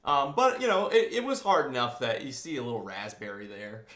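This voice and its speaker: A man narrating and running a tabletop game as game master, relaxed and halting with fillers. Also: mid-range voice. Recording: roomy echo.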